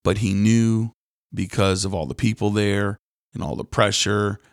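Animated low-voiced male preacher. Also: unhurried, dry recording, studio quality. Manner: animated, slangy, acts out characters in quotes. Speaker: podcast host, preacher. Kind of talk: casual sermon storytelling.

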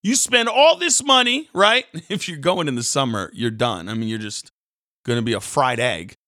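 Bright-voiced pastor, animated. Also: male voice, mid-range voice, moderate pace, dry recording, clean studio sound. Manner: animated, jumps into loud mocking voices of other people. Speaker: pastor and devotional host. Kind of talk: energetic devotional sermon.

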